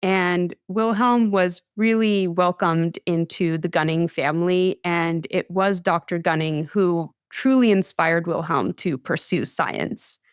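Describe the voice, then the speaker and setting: Chatty American woman, smooth dry voice. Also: lowish voice, slow, few pauses, dry recording. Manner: chatty, laughs often, lots of "like". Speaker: podcast host telling a science history story. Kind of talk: casual podcast storytelling.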